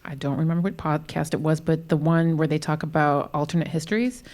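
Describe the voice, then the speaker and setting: A woman in the audience poses a question at a live Q&A, hesitant and full of fillers. Her voice sits low for a woman. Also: quick pace, darkish tone. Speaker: audience member asking a question.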